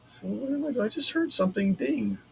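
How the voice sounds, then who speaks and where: A man's voice: extremely high pitch, animated, a little fast, creaky, darkish tone, a little hiss or hum. A man chatting casually on a livestream from his woodworking shop, rambling and thinking aloud as he works. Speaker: maker streaming a laser-cut build.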